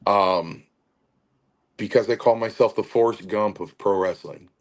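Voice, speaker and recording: A retired pro wrestler in his sixties, appearing as a guest, tells stories casually in a fairly low, unhurried voice. He's animated, acts out the quotes, and uses plenty of fillers.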